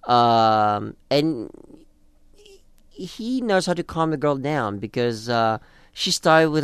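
Man, casual co-host chat, smooth voice, dry close sound, animated. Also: medium pitch, slow pace, no echo. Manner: animated, acts out quoted lines in different voices. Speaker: podcast co-host discussing a TV episode.

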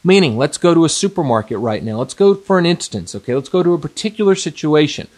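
A man's voice: on the high side, lively intonation, quick pace, a little mellow. A middle-aged man giving an emphatic seminar talk as a dating coach, repeating points and addressing the men directly.

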